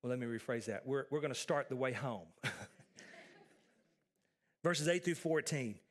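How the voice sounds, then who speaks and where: A man preaching a sermon as pastor, building with emphatic repetition and then dropping to soft, intense tones. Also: mid-range voice, expressive, unhurried.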